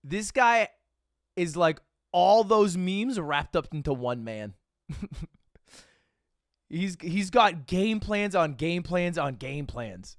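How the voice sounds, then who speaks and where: A man streaming live and reacting to a video with animated, profane, mocking commentary. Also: high-pitched, slow pace, no room sound, studio quality.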